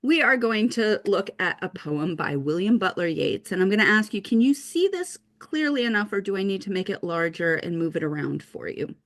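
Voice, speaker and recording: Lively upbeat woman teaching poetry. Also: mid-range voice, moderate pace, hardly any pauses. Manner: upbeat, reassuring, explains step by step. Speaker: writing teacher. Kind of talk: casual online lesson.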